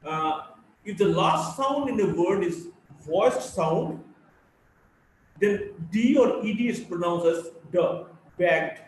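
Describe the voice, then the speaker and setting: A man from India with a Bengali English accent, giving a slow phonetics lecture and reading word lists aloud, repeating words for drill. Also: high-pitched, lively intonation, a little mellow, far from the mic. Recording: very echoey room, faint background hum.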